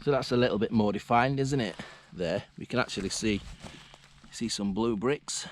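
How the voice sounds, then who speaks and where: A man's voice: lowish voice, moderate pace. English man chatting outdoors on a walk. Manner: chatty, thinking aloud with restarts. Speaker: railway exploring vlogger. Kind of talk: casual walking commentary. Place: outdoors on an overgrown disused railway line. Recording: faint outdoor background noise.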